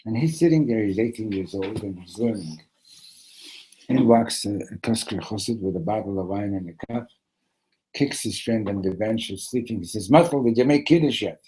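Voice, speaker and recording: A man teaching a Torah class, telling a story and acting out the characters with sudden loud shouts, mixing in Hebrew terms. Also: fairly low pitch, normal speed, slightly rough, rough recording. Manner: mixes in Hebrew and Yiddish terms.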